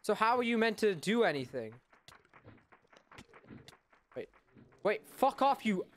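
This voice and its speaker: A young man in his late teens giving casual gameplay commentary, swearing a lot and swinging between loud outbursts and mumbled asides. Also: high voice, very animated, slow pace. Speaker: gaming YouTuber.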